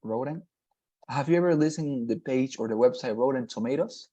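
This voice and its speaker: A man with a medium-pitched, dark-toned voice teaches English in a one-on-one online lesson, captured in lo-fi sound. Patient on the video call, he explains slowly, with many fillers and false starts.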